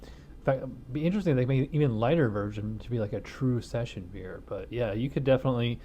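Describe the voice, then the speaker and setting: A man's voice: medium pitch, quick pace, warm tone, muffled recording, slight background noise. A middle-aged man reviewing a beer on his own channel, talking in a loose, rambling way with lots of fillers. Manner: rambling, filler-heavy, laid-back. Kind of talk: casual chat.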